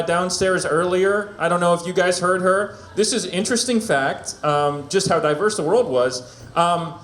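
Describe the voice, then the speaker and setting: A man doing stand-up at an open mic with a fairly high voice. He delivers his jokes deadpan, with lots of hesitant ums and little laughs. The room is echoey. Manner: awkward deadpan with nervous fillers and laughs. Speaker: stand-up comic. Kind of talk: stand-up set. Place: small venue open mic.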